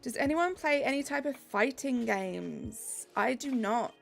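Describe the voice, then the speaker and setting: Chatty young English streamer with gravelly voice. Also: female voice, high-pitched, expressive, a little slow, faint music behind. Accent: Southeast English. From England. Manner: chatty, reads chat aloud, upbeat. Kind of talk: live-stream chat while gaming.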